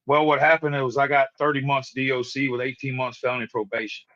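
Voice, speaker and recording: A man in his forties joins a live stream remotely as a guest, sharing his recovery testimony in earnest and repeating words whenever he restarts a sentence. His medium-pitched voice is flat and quick, with a fairly bright tone and the highs cut off.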